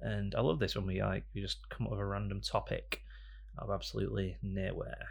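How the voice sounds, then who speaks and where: Male podcast host, casual studio banter, low and gravelly. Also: flat delivery, fairly quick. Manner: joking, rambling banter with sudden loud bursts. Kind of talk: casual chat. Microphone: studio microphone.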